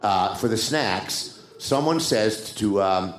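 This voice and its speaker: A man guest telling a behind-the-scenes story in an animated way, acting out other people's lines. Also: on the low side, slow, a little hiss or hum. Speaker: screenwriter guest. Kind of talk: anecdotal storytelling. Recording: roomy echo.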